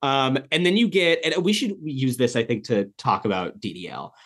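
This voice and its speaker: A man's voice: medium pitch, moderate pace. A man co-hosting a podcast, talking casually about a film, rambling with lots of fillers and swearing. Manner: rambling, animated, swears a lot, many fillers. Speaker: podcast co-host. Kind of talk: casual movie discussion.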